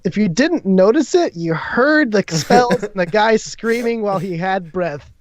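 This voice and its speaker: A man's voice: sits high, animated, measured pace, dry recording. A man acting as game master who narrates the combat of a tabletop game in vivid, gory detail.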